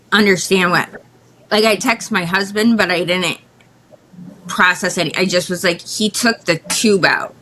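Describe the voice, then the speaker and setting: A woman guest speaking candidly in an interview, telling a personal story in a halting, emotional way with frequent restarts. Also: mid-range voice, a bit bright, slight background noise, rough recording.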